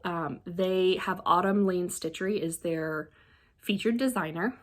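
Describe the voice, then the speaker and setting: Chatty, excitable woman vlogger. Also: fairly low pitch, unhurried. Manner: chatty, excitable, trails off and restarts. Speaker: crafting vlogger. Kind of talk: casual show-and-tell chat.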